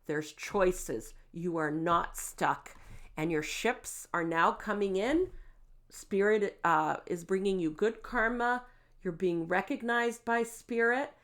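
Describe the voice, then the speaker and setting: A woman giving a tarot card reading, gentle and reassuring, with frequent fillers and "okay?" check-ins. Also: mid-range voice, takes it slowly. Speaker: tarot reader.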